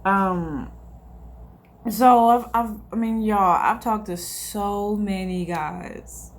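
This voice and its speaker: A woman's voice: mid-range voice, steady tone, slow pace. A young woman, chatting candidly to her vlog audience, rambling and repeating herself, with sighs along the way. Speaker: vlogger. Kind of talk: casual confessional chat to camera.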